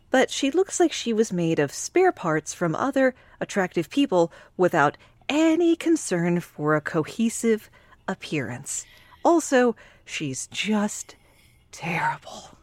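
A woman's voice: fairly low pitch, sing-song, measured pace, dry recording, studio quality. A woman co-hosting a casual movie recap podcast, with blunt, sarcastic put-downs. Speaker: podcast co-host.

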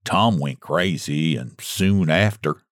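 A man voicing a folksy backwoods hunting guide who talks slowly in a rustic dialect. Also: low-pitched, no room sound, clean studio sound. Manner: rustic dialect, slow and plain.

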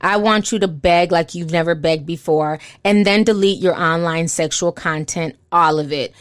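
A woman reading out a smug, cruel man's taunting posts in a slow, cold, mocking tone. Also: lowish voice, dry recording, lightly acted.

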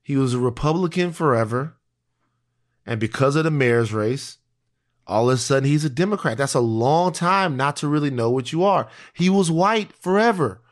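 A man's voice: medium pitch, lively intonation, normal speed. A man co-hosting a podcast, talking earnestly and thinking aloud in casual chat. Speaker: podcast co-host.

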